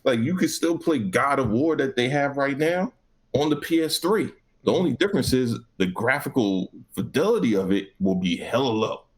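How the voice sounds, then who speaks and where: A man's voice: mid-range voice, lively intonation, normal speed, husky. A man co-hosting a gaming podcast, ranting casually with lots of profanity and acted-out back-and-forth. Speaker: podcast co-host.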